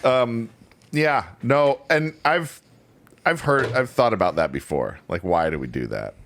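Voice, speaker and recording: A man's voice: mid-range voice, lively intonation, a little slow, vocal fry, a bit bright, a little hiss or hum. A man co-hosting a podcast, chatting in an easygoing way and swearing casually. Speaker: podcast co-host.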